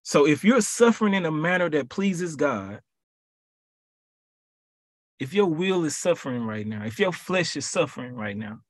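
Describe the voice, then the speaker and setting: A man leading a podcast Bible study who preaches in a lively, colloquial way and repeats his phrases for emphasis. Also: fairly high pitch, normal speed, long pauses, dry recording, studio quality.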